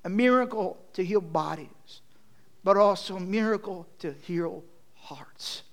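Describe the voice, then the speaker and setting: A man with a high voice preaches a sermon. He tells a personal story with feeling, rising to loud passages and dropping to near-hushed ones. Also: measured pace, creaky.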